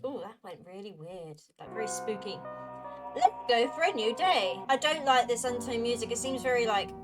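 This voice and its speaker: Chatty young female gamer, reads a game's text aloud and comments between lines; slightly high voice, game music in the background. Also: animated, normal speed. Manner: chatty, reads dialogue then comments with quips. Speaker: gaming YouTuber.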